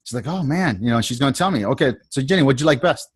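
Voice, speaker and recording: A man's voice: medium pitch, expressive, fast, breathy edge. A man coaching a sales trainee on a video call, talking in a casual, repetitive way and acting out the lines he quotes.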